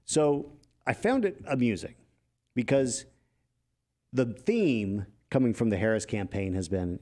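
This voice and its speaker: A man's voice: on the low side, expressive, a little slow, warm tone. A man co-hosting a casual political talk show who has made political ads, analytical with wry asides. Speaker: podcast co-host, political ad maker.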